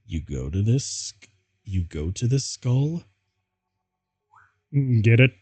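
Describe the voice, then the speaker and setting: A man voicing a sullen gothic teenage boy in a low, mumbling tone. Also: big pitch swings, slow pace, darkish tone, breathy edge, no room sound, exaggerated voice.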